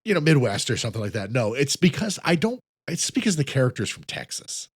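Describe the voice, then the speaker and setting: Male podcast co-host; easygoing recapper, expressive pitch, dry booth sound. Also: fast talker, breathy edge, dry recording. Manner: relaxed, recaps plot with dry jokes. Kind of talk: casual film discussion.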